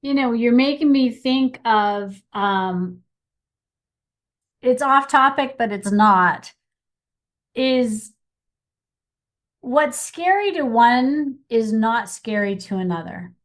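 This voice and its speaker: Slow-talking woman, high-ish voice. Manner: animated, acts out quotes. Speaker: podcast co-host. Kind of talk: casual chat.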